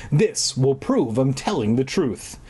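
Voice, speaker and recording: A man's voice: medium pitch, very animated, a little slow, darkish tone, husky, heavily acted. A man voicing a panicky, whiny boy who shrieks and pleads desperately. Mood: panicked.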